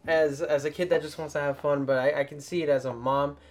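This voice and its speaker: Young man telling animated podcast stories. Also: a little high, brisk. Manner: animated storytelling, swings into loud mock voices. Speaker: podcast host. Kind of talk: casual podcast chat.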